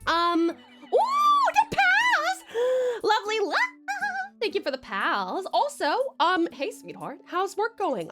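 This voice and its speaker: High bouncy woman streamer chatting w her chat, giggles a lot, lots of ums, faint music underneath. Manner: giggly, chatty, warm toward chat, many fillers. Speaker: livestreamer. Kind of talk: casual livestream chat.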